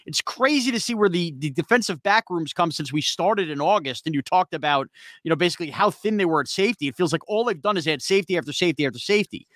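A man hosting a sports podcast, talking quickly and casually with frequent "uh" fillers. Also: on the high side, lively intonation, fairly bright tone, dry recording, clean studio sound. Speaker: podcast host.

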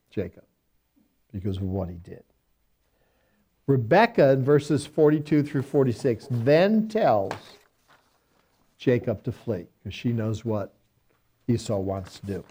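Mellow-voiced man teaching Bible study. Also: fairly high pitch. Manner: reads scripture aloud, then paraphrases it in folksy everyday speech.

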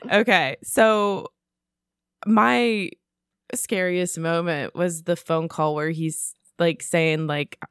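A woman's voice: fairly low pitch, fairly even intonation, takes it slowly, clear, resonant tone, no room sound, clean studio sound. Frank, laughing woman podcast host. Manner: laughs often, frank and blunt. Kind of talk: casual movie chat.

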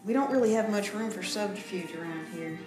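A woman's voice: mid-range voice, a little fast, roomy sound, music in the background. A woman player reasoning out a plan in casual tabletop play.

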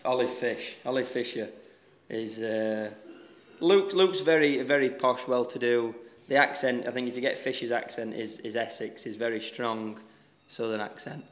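A young Yorkshire man talks easily in an interview, stopping and restarting his sentences often. His voice stays flat in tone and sits at an ordinary pitch. It sounds like he is in an echoey room. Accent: Yorkshire English. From Yorkshire, England. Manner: relaxed, halting, many restarts and fillers. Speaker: professional golfer, interviewee. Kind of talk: casual interview answers.

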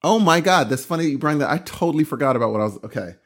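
A man co-hosting a podcast in casual chat, acting out dialogue with a rising voice. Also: racing. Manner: lively, quotes dialogue with rising pitch.

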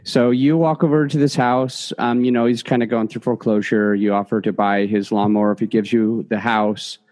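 A man's voice: lowish voice, little pitch movement, moderate pace, darkish tone. A man hosting an interview, giving short reactions and asking the guest to walk through a deal step by step. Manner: short affirming reactions, plain questions. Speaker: interview host. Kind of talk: interview questions.

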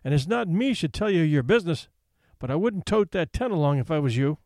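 A man's voice: fairly high pitch, lively intonation, a little fast, darkish tone, dry recording, studio quality. A man voicing plainspoken backwoods onlooker men with a folksy, drawling, blunt manner. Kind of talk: audiobook character voice.

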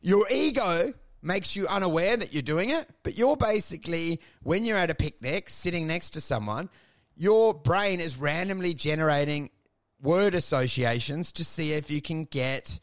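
A man's voice: on the high side, lively intonation, moderate pace. A man co-hosting a comedy podcast, telling rambling stories, acting out voices and laughing often. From Australia. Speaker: podcast co-host and stand-up comedian. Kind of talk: casual comedy podcast chat.

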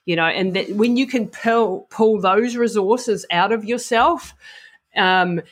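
A middle-aged woman with a New Zealand accent, a guest in an interview, telling frank, animated stories and acting out the voices in her head. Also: medium pitch, slow. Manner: animated, acts out inner voices, frank and earthy. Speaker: guest, ultra endurance athlete. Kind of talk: casual interview storytelling.

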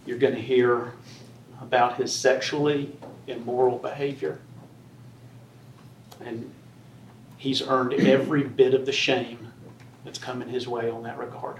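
A man defense attorney making a closing argument to a jury with forceful, repetitive persuasion. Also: mid-range voice, little pitch movement, slow, long pauses, slight background noise. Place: courtroom. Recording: roomy distant courtroom audio.

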